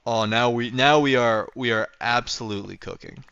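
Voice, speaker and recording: A man's voice: medium pitch, normal speed, a bit bright, smooth, no echo, muffled recording. A young man livestreaming a game, chatting casually and rambling playfully as he thinks aloud while building. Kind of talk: casual gameplay livestream chat.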